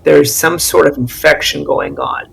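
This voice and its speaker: Man, game master, gravelly voice, slow unhurried narration, slightly high pitch. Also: poor audio. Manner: slow, relaxed storytelling with gravelly voice.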